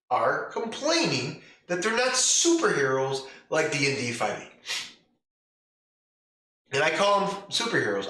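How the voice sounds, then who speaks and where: A man's voice: fairly high pitch, sharp tone. A man hosting a podcast as a dungeon master, talking casually and bluntly, firing off emphatic rhetorical questions. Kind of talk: casual opinion monologue. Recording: very echoey room, distant mic, faint music.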